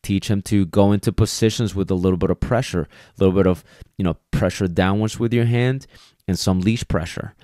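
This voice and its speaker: Low-voiced man giving emphatic podcast talk. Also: steady tone, fairly quick, dark tone, no room sound, clean studio sound. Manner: emphatic, conversational, peppered with "okay" and "right"; acts out quoted voices of people and dogs. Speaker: dog trainer and podcast host. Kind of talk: casual solo podcast talk.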